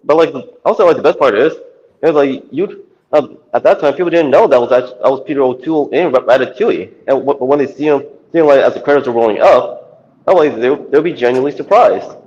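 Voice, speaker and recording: A man's voice: medium pitch, brisk, darkish tone, dull audio. A man in a casual chat who rambles and restarts his sentences. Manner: rambling, hesitant speech with restarts.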